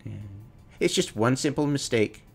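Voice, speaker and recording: A man's voice: mid-range voice, animated, moderate pace, vocal fry, soft background music. A man commenting on his own gameplay, mocking his mistakes, laughing often and acting out his inner voice. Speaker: gamer streamer.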